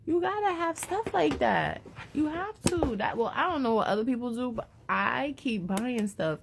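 A woman's voice: on the high side, animated, moderate pace, gravelly, background noise. A woman vlogger chatting casually and rambling to her viewers as she unboxes something, a little out of breath.

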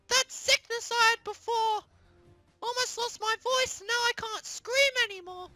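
A squeaky, frantic plush toy. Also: exaggerated voice. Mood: chatty. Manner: shrieking, frantic yelling while playing. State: hoarse after an illness. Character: squeaky plush toy character, excitable and panicky. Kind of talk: gaming comedy voice acting.

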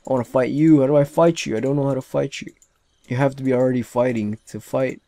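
Young man, let's play commentary, excitable, swears a lot, taunts characters, dry sound. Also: medium pitch, fast talker, dry recording. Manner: excitable, swears often, talks to game characters. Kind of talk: casual gameplay commentary.

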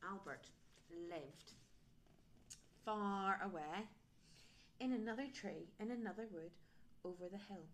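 A woman from Northern Ireland reading a picture book aloud to children, animated and asking her listeners questions. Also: mid-range voice, normal speed, a little hiss or hum. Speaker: storyteller.

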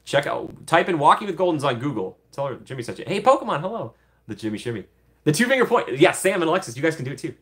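A man's voice: a little high, big pitch swings, quick pace, a bit bright. A young man casually hosting a livestream, chatty, laughing often and gushing thanks to his viewers. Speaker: livestream host.

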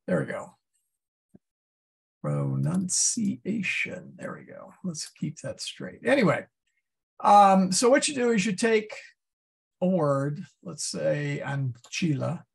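A man teaching a Latin class, explaining step by step and thinking aloud with many pauses and fillers. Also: sits high, sing-song, gravelly, breathy edge. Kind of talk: classroom lesson.

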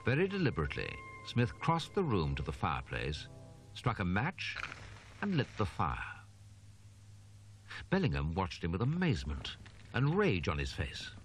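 A man narrating a horror audiobook in a grave, measured way. His very deep voice moves expressively, with clear music underneath. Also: huge pitch swings. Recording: narration over background music.

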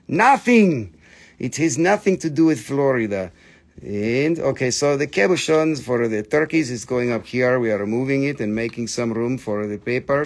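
Male live-sale host, gravelly and mid-pitched, gushing and playful with viewers. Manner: excitable, gushing, jokey, chatting to viewers. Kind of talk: live selling stream chat.

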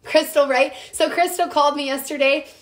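A woman's voice: sits high, fairly even intonation, fairly quick, reverberant. A young woman from the Midwest hosting a casual cooking live stream, chatting with viewers while her voice recovers from an illness. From American Midwest. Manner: chatty, addresses viewers by name.

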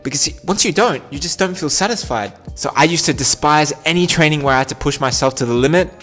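A man hosting a football training vlog, talking to camera with animated energy that builds as he gets worked up. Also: fairly high pitch, quick pace, faint music behind. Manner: animated, builds up intensity when pumped. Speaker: football channel host.

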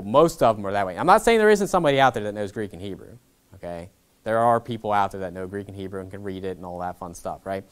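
A man, a pastor teaching a Bible class in a blunt, combative, conversational way, with frequent "okay?" asides. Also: medium pitch.

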